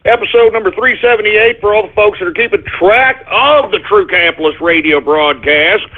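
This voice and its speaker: High-voiced man hosting radio over phone. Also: moderate pace. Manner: exasperated, scolding asides to an unseen crew and a dog. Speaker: radio show host. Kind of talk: comedic talk radio monologue. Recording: phone-like narrow-band audio.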